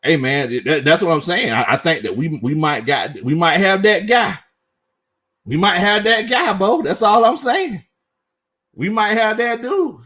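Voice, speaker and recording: A man's voice: sits high, animated, a little slow, bright, forceful tone. A young man hosts a casual sports live stream. He reads chat comments aloud, laughs often and talks in loose, slangy fashion.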